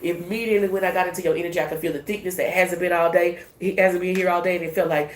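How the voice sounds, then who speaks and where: A woman giving a casual tarot reading in a brash, profane, animated way. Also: fairly low pitch, fast, reverberant. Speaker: tarot reader.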